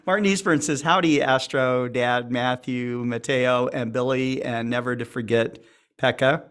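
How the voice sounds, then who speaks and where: A man's voice: medium pitch, fairly even intonation, measured pace, fairly bright tone, smooth. A man hosting a live show in a casual, joking way, reading out viewer greetings. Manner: reads viewer comments aloud, jokes. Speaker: host. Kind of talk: casual livestream chat.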